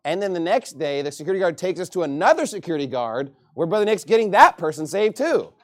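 A man from Texas preaching a sermon in a lively, joking and emphatic way. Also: high-pitched, quick pace.

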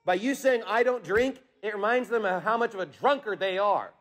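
High-voiced man preaching a fiery sermon. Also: expressive, a little fast. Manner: forceful preaching with rhetorical questions. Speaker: pastor.

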